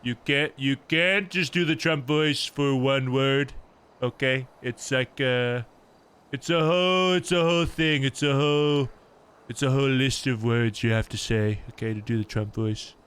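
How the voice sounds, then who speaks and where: A man's voice: medium pitch, measured pace, fairly bright tone, clean tone. A man streaming and chatting casually with his viewers, rambling with plenty of swearing and fillers.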